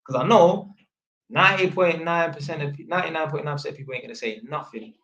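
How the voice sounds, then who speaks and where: A young man tells a story in thick street slang and acts out each voice with energy. His voice sits a little high. The room around him is echoey. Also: fast, muffled recording. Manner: animated, acts out voices, heavy London slang. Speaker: vlogger telling a story. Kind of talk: casual storytelling monologue.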